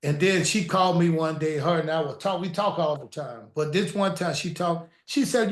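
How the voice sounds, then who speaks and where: A man with a high voice tells his stories in an animated, lively way and slips into the voices of the people he quotes. The recording has a roomy echo. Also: moderate pace, few pauses. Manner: animated storytelling, acts out quoted dialogue. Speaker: guest storyteller. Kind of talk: casual interview chat. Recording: echoey room.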